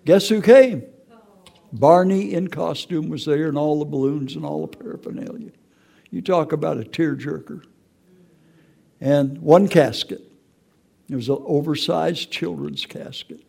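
Gravelly older man giving emotional testimony. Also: on the high side, unhurried, pauses often, mellow. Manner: emotional, storytelling, repeats words. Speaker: testimony speaker. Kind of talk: personal testimony.

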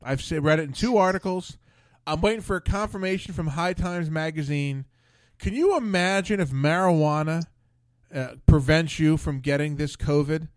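A man's voice: fairly high pitch, normal speed, no echo. A man hosting a casual talk show, telling rambling, profane stories with many restarts. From Philadelphia area. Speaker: podcast host. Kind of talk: casual chat.

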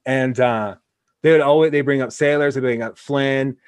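A man's voice: medium pitch, fairly even intonation, moderate pace, smooth, no echo. A man from Wyoming hosting a casual interview, telling rambling anecdotes full of restarts. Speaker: podcast host.

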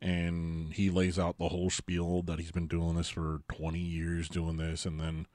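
Podcast co-host, male, very low voice, rambling casual chat, dry close sound. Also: monotone, moderate pace, darkish tone, no echo. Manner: rambling, trails off, repeats himself. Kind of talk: casual movie discussion.

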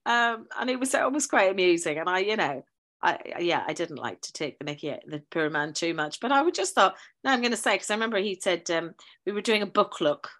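A woman's voice: mid-range voice, lively intonation, quick pace, fairly bright tone. A middle-aged woman, a teacher telling funny stories in a casual chat, acting out quoted voices. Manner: chatty storyteller, laughs often, acts out quoted voices. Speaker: guest teacher.

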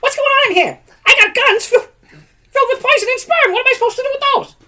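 Male improviser as a miniature cowboy gunslinger, squeaky and cocky, very high and bright. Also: fast talker, full character voice. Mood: brash. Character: tiny male cowboy with poison guns, cocky. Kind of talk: improv comedy podcast.

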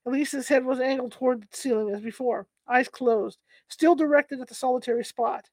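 Lady reading a book out loud, kinda high voice, dry close sound. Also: steady tone, moderate pace, no echo. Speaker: reader. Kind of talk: reading a novel aloud to listeners.

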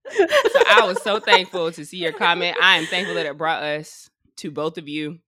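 A woman hosting a podcast in casual chat, animated and profane, laughing often. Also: lowish voice, moderate pace. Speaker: podcast host. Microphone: video call.

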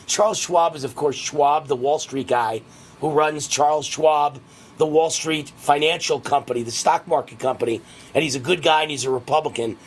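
Man, talk radio host, heated monologue, husky, slightly high voice. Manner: rapid, heated ranting.

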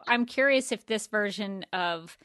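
A woman's voice: medium pitch, expressive, slow pace, fairly bright tone, no room sound, clean studio sound. A woman co-hosting a fan podcast, reading out listener questions in amused casual chat. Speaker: podcast co-host.

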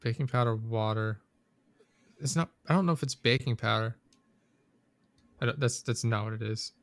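A man's voice: medium pitch, normal speed, a bit bright. A man in casual chat, rambling and swearing as he vents about a coworker. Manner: profane, venting, rambling storyteller.

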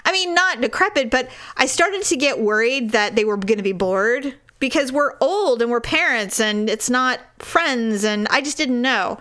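Animated woman telling a story. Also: fairly high pitch, moderate pace, hardly any pauses. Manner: animated storytelling, laughs often. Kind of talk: casual chat.

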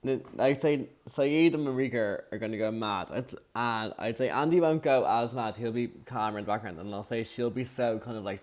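Speaking at a normal speed with hardly any pauses, a man with a lowish, slightly mellow voice co-hosts a podcast recap. Once a contestant himself, he eagerly gossips about the players and lowers his voice when mimicking them.

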